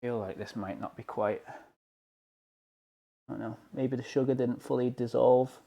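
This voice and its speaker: Baking on a live stream from his kitchen at home, this young man from the UK has a gravelly, mellow mid-range voice. His tone stays steady and his speed normal as he chats away and makes fun of himself.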